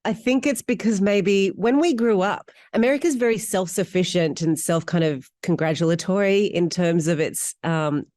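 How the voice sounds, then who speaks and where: A middle-aged Australian woman, an actor, telling stories in an interview with animated, candid delivery. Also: normal speed, few pauses, dry recording, clean studio sound. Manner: animated, candid storytelling with wide pitch swings. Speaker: actor guest. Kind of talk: interview conversation.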